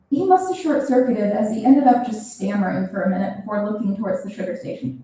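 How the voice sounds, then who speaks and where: A young woman reading her own fiction aloud at a reading event, expressive and animated. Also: mid-range voice, fairly quick. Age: young adult. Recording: roomy, from a distance.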